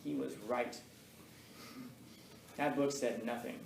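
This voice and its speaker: A teacher tells his students loose, self-deprecating stories that draw easy laughs. His medium-pitched voice is steady, slow, creaky and a little mellow. The mic sits far off in a roomy, echoing classroom, with a faint hiss of noise behind.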